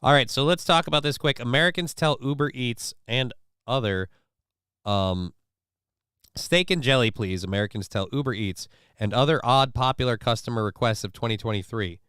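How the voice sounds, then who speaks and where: Reading viewer comments and news stories during a casual live stream, a male host adds sarcastic, offhand quips. He speaks at normal speed in a mid-range voice that is fairly bright, clear and resonant, with clean studio sound and no echo.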